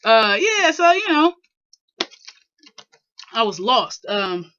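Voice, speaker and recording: A young woman vlogger tells a personal story in a loose, rambling way, constantly checking in with her listener. Her voice sits a little high and sounds bright and forceful. The audio is dull and lo-fi. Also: big pitch swings, slow. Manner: rambling, filler-heavy, keeps asking "you know what I'm saying". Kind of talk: casual storytelling to camera.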